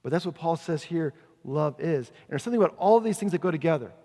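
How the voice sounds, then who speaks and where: Guy preaching casual sermon, kinda high voice, slows way down reading verses, big echoey hall. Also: lively intonation, dark tone. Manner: conversational preaching, slows down to read scripture. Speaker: pastor. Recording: long reverb of a large hall.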